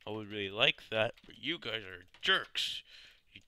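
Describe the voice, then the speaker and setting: A man giving excitable let's play commentary on his gameplay. He swears and yells at the zombies as he plays. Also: lowish voice, measured pace, clean tone.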